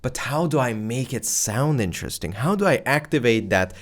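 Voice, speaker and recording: A man teaching video creators in a loud, playful, deliberately exaggerated way, speaking close to a microphone. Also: medium pitch. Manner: animated and casual, slangy, exaggerated excitement. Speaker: YouTube creator teaching strategy. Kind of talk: energetic talking-head lesson. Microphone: close microphone facing camera.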